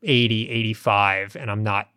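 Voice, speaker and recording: Relaxed chatty podcast man. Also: on the low side, normal speed, clear, resonant tone, dry recording, clean studio sound. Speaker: podcast co-host. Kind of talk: casual chat and anecdotes.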